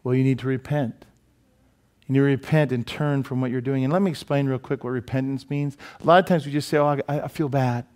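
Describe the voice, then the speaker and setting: A male pastor delivering a sermon in a church. He preaches in an animated way, cracks jokes and keeps asking his listeners questions. His voice sits at an ordinary pitch for a man. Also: fast talker. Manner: animated, joking, many rhetorical questions to the congregation. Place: church sanctuary.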